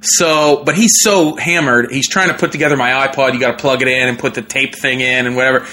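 A young man, a comedian, telling a story in a casual, animated way, with lots of fillers and laughter. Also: medium pitch, a little fast. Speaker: comedian guest.

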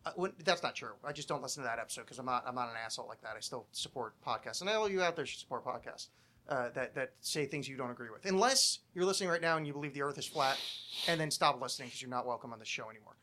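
Bright-voiced ranting man, podcast host. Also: medium pitch, very fast. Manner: profane ranting, swearing a lot, self-interrupting. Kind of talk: casual podcast chat.

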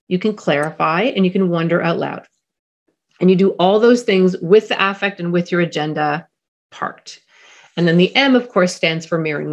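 A middle-aged woman, a parenting expert guest on a podcast, explaining with energy and acting out quick voices of parents and a pilot. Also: lowish voice, vocal fry.

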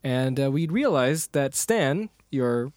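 A man's voice: mid-range voice, expressive, slow pace, darkish tone, no room sound, studio quality. A man co-hosting a podcast, telling a rambling story in casual chat, with frequent restarts and laughter. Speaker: podcast co-host.

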